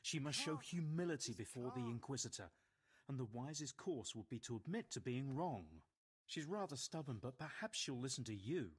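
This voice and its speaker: An actor playing an earnest, learned monk who speaks in a measured, grave and formal way. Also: male voice, medium pitch, expressive, slightly rough. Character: earnest middle-aged male monk, learned and worried. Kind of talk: video game voice acting.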